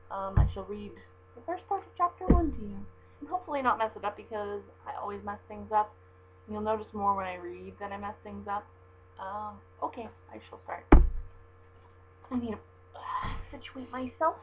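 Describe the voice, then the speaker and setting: A woman's voice: medium pitch, moderate pace. A young woman from Southern California with a Southern Californian accent, reading a word list in a casual home vlog, chatty and self-deprecating with frequent ums. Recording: dull lo-fi webcam audio with faint mains hum.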